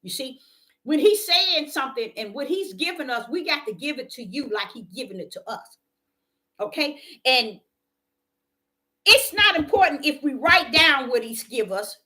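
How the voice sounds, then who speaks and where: A woman preaching with passion and telling personal stories, repeating her phrases for emphasis and swinging between loud declarations and hushed moments. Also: high voice, expressive, normal speed. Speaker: self-described prophetic preacher. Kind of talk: impassioned preaching and personal testimony.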